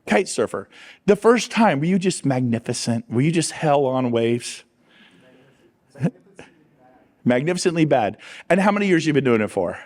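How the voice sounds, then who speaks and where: A middle-aged man giving an energetic motivational talk on stage, quizzing and teasing his audience. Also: mid-range voice, normal speed, long pauses. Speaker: real estate coach on stage.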